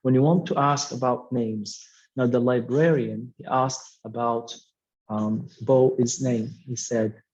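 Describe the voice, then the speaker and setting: A man's voice: mid-range voice, fairly even intonation, takes it slowly, darkish tone, dull audio. A man teaching an English lesson, explaining patiently and repeating key words with frequent "okay" fillers. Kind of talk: classroom explanation.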